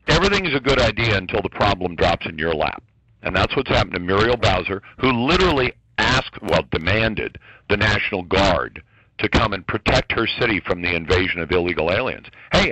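Forceful low-voiced man ranting on radio. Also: slight background noise, rough recording. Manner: heated, emphatic ranting. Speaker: radio talk show guest commentator. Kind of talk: radio talk show commentary.

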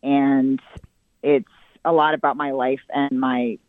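A woman's voice: very deep voice, steady tone, no echo. A woman comedian telling self-deprecating stories as an interview guest. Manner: self-deprecating, playful, with quick asides. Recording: tinny phone line.

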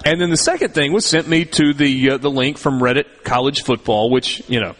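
A man's voice: mid-range voice, fairly quick, fairly bright tone. Chatty middle-aged male sports host. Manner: talkative, repeats words when starting. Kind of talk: casual sports talk.

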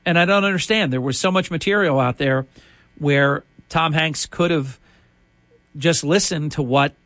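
A man hosting a radio show, talking in a chatty, opinionated way and often restarting his sentences. His voice sits a little high for a man. The sound is close and dry, with no room around it. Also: moderate pace, fairly bright tone, dry recording. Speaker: radio host. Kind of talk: casual on-air monologue.

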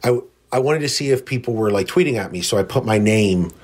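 A man's voice: lowish voice, animated, brisk, a little mellow. A man with a South Jersey accent co-hosting a radio show, joking and arguing in casual banter with frequent restarts. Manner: joking, argumentative, rambling with restarts. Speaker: radio co-host.

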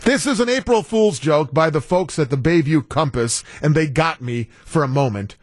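A man's voice: fairly high pitch, lively intonation, normal speed, slight background noise. A man guest-hosting a talk radio show, telling a story in a wry, incredulous way. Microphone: studio broadcast mic.

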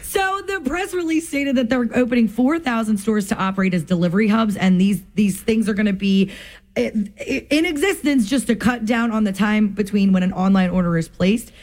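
A woman's voice: medium pitch, expressive, fairly quick, darkish tone. A young woman with a New Jersey accent, co-hosting a radio morning show and telling stories in chatty, upbeat banter. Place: radio studio.

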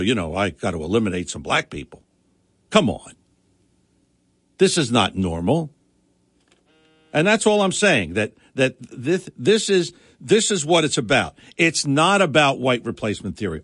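A man's voice: on the high side, a bit bright, no room sound, studio quality. A middle-aged man hosting a political talk radio show, with an emphatic, indignant manner and frequent restarts.

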